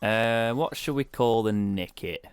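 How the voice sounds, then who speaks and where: A man's voice: medium pitch, a little slow, clean tone, no room sound, faint music behind. A young British man giving chatty, wry commentary as he plays a video game, with self-mocking asides. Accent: British English. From Britain. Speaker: let's play streamer. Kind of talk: casual gameplay commentary.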